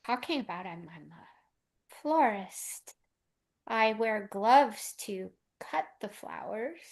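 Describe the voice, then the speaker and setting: A woman's voice: on the high side, animated, slow. A woman playing an improv comedy game over a video call, protesting her case. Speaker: improv player.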